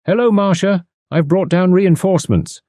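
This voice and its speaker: Audiobook youth: male reader does an eager, boyish young man, lifted pitch, dry. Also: normal speed, mellow, no room sound, natural voice. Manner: eager, hearty.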